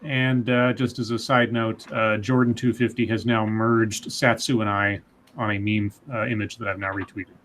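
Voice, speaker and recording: A man's voice: on the low side, little pitch movement, normal speed, fairly bright tone, a little hiss or hum. A man co-hosting a livestream, reading news articles and adding dry, sarcastic asides. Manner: dry, sarcastic asides between read passages. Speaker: news segment co-host.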